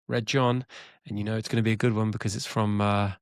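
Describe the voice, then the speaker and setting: A man's voice: on the low side, little pitch movement, fast, smooth, dry recording, studio quality. A middle-aged man co-hosting a podcast in a genial, casual chat, sometimes hesitant. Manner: genial, hesitant, wraps up the show. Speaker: podcast co-host, former cast member.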